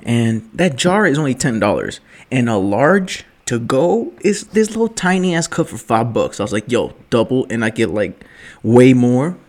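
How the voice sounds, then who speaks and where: A young male vlogger tells a late-night story while drinking, rambling, cursing, and joking in slang full of "yo" and "bruh." His mid-range voice is animated and darkish, at a moderate pace.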